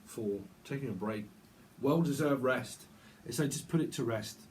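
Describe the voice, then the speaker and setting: A man giving a casual tarot reading, chatty and rambling, with quick asides. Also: medium pitch, darkish tone, a little hiss or hum. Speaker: tarot reader.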